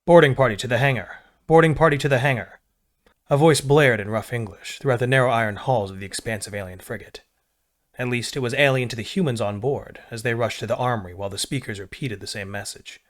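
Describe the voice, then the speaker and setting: A man narrating a military science fiction story in a measured, steady read. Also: mid-range voice. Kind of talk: scripted sci-fi narration.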